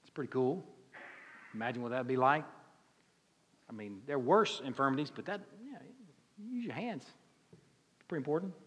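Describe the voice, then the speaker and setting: A man's voice: mid-range voice, animated, moderate pace, long pauses, a bit bright, slightly rough, in a large hall. A man with a Southern US accent preaching a sermon as pastor, in a conversational, folksy way with many rhetorical questions. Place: church sanctuary.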